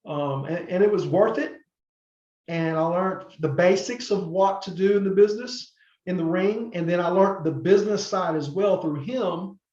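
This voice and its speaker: A middle-aged man tells long stories as a podcast guest, rambling with fillers and restarts. His voice sits fairly high for a man. The sound is roomy and a little muffled. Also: moderate pace, darkish tone. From North Carolina, USA. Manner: rambling, many fillers and restarts, acts out quoted people. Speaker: podcast guest, former wrestler. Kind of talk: casual interview storytelling.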